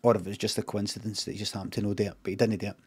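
A middle-aged Scottish man improvising a comic story, rambling and deadpan, swearing freely and drifting off on tangents. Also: on the low side, very fast, husky. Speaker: streamer.

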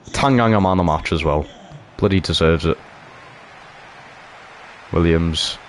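A man giving live commentary over a football game he is playing, excitable and quick to cheer or groan. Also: deep voice. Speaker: gaming YouTuber.

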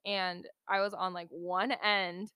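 A woman's voice: on the low side, little pitch movement, slow pace, bright, forceful tone, smooth, no echo, clean studio sound. Chatty woman co-hosting a podcast. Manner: chatty storyteller, many fillers. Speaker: podcast co-host. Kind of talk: casual chat.

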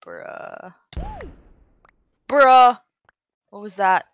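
A young woman chatting casually while gaming, giggly and teasing with excitable exclamations. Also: on the low side, a little slow, dry recording, lo-fi sound. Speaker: gamer.

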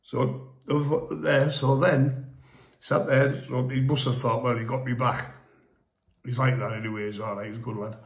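A man's voice: mid-range voice, little pitch movement, moderate pace, gravelly, echoey room. A man casually telling a crude, rambling pub story, often laughing at his own tale. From England.

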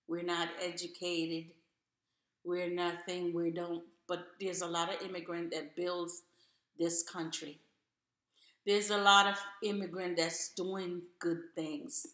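A woman's voice: on the low side, a bit bright, reverberant. A woman telling her own story to camera in an earnest, encouraging way, repeating phrases for emphasis.

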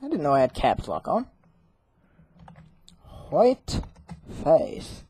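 A let's play gamer narrates a horror game, talking back to it and reading its on-screen text aloud. The voice is jittery and drawn-out, easily tipping into frightened yelling. A faint hiss sits behind it. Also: medium pitch, wildly swooping pitch, poor audio.

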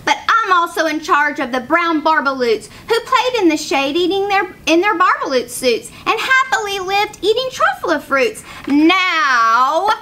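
A woman voicing a small grumpy male forest creature who scolds in a high, snappish voice for a storybook read-aloud. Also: very animated, measured pace, hardly any pauses, sharp tone, exaggerated voice. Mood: scolding.

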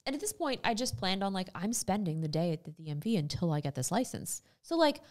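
A woman's voice: on the low side, fast talker. A young woman co-hosting a podcast, telling a story in casual chat and acting out what people said. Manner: animated storyteller, acts out quotes. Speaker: podcast co-host.

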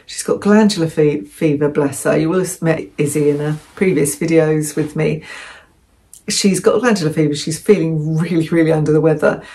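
A woman from England with a fairly low voice chats through a haul video. She rambles and often corrects herself mid-sentence. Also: normal speed, warm tone. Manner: chatty, rambling, self-correcting. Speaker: vlogger. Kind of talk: casual haul vlog.

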